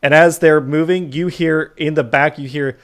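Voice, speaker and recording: A man narrating a tabletop game as game master, casual and halting with many fillers. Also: a little high, steady tone.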